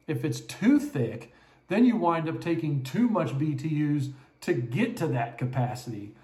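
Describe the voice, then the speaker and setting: A man's voice: fairly high pitch, darkish tone. A man answering a listener's barbecue question with confident explanations. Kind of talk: casual explanation. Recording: echoey room.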